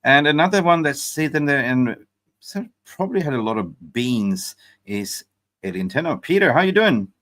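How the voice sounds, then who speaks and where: A man's voice: medium pitch, moderate pace. A man hosting a live football fan show who chats freely and often jumps in while his guests are talking. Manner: chatty, interjecting, animated. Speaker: host.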